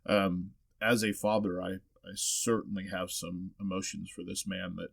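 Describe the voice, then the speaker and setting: A man with a fairly low voice chatting on a podcast, relaxed and thoughtful as he weighs in. The sound is close and dry, with no room around it. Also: moderate pace, creaky, no echo. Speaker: podcast co-host. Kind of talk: casual chat.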